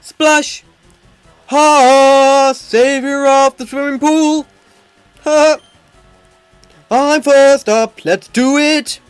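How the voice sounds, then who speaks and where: A man voicing an excitable male swimmer in a game, yelling his lines. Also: very high voice, extremely slow, pauses often, dry recording, soft background music, pitched above the performer's own voice, exaggerated voice. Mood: hyped. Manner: yelling, hyped.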